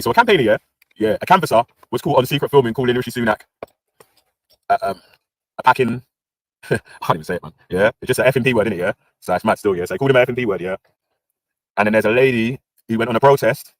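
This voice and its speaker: A man's voice: medium pitch, no echo. A British man hosting a livestream, ranting in casual street slang with lots of banter. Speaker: livestream host.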